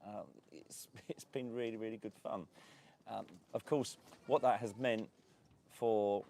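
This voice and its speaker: A man with a low, gravelly voice hosts a casual live stream from an outdoor beachside cafe. He rambles cheerfully and laughs often, with a faint hum of outdoor ambience behind him. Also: fairly even intonation, unhurried, a little mellow. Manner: chatty, rambling, laughs often, many fillers. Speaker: host of a property and lifestyle channel.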